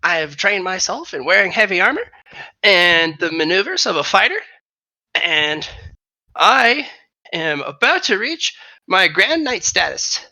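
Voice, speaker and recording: A game master voicing a small, earnest young male fighter who pitches himself eagerly with lots of fillers. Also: sing-song, a little slow, pushed and bright, dry recording, full character voice, rough recording. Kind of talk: tabletop role-play voice.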